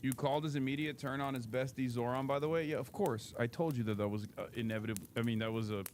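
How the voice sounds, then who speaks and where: A man's voice: medium pitch, fast, darkish tone, slight background noise. A man hosting a live stream with casual, sarcastic, profane commentary that often rambles. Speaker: streamer host.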